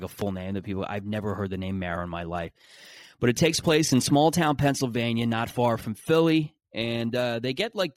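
A man's voice: medium pitch, no echo. Guy rambling on his podcast, sarcastic, keeps restarting sentences, dry close mic. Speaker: podcast host. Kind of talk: casual solo monologue.

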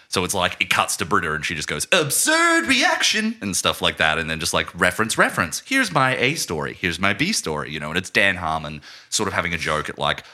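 A man in a casual podcast chat who reviews a film critically and acts out scenes in quick put-on voices. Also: low voice, pushed and bright. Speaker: podcast co-host.

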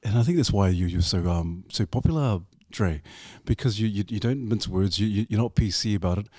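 A man's voice: fairly low pitch, a little fast, mellow, dry recording, clean studio sound. A man hosting a podcast. He asks questions with enthusiasm and praises his guest, restarting his phrases as he goes. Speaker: podcast host. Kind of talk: interviewing, casual chat.

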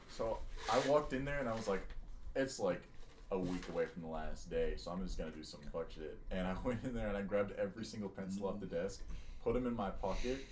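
A young man on a podcast telling a school story in a relaxed, laid-back way. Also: on the low side, a little hiss or hum. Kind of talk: casual storytelling chat.

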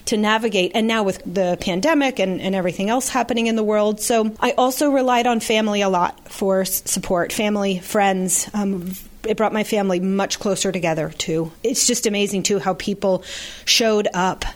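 A woman's voice: mid-range voice, steady tone, moderate pace. A woman guest on a podcast, earnestly and reflectively telling her personal story, speaking of faith and gratitude. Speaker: interview guest.

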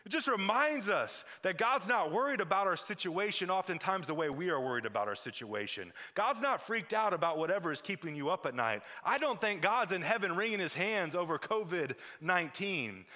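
Pastor guy preaching, bright forceful voice, kinda high, lots of hall reverb. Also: very animated, fairly quick, hardly any pauses. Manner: repetitive declarations, rising into fervent exhortation. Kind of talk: sermon.

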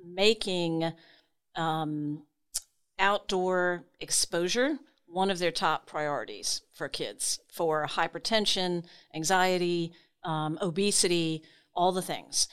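A woman from South Louisiana in her forties with a smooth, clear voice, pitched a little low. She speaks as a guest, informative and easygoing. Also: takes it slowly, a bit bright. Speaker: guest, tree organization director. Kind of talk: casual interview talk.

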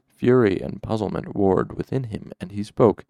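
A man reading a fantasy novel aloud as an audiobook narrator, measured and steady. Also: on the low side, gravelly, dry recording, lo-fi sound.

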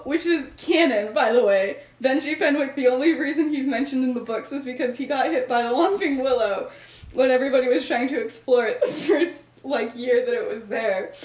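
A young woman with a voice pitched a little high chats through a story recap, peppering her sentences with "like" and breaking into laughter. She sounds like a podcast co-host recorded in a roomy space with a noticeable echo. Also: normal speed, a little mellow. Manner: chatty, filler-heavy with frequent "like" and laughter. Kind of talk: casual chat retelling a story. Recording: roomy echoey room.

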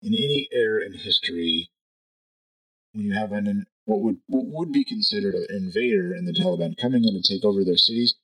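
A podcast host rambles casually through his views, thinking aloud and checking in with "right?" as he goes. His voice is lowish and fairly bright, he talks fairly quickly, and the recording quality is low.

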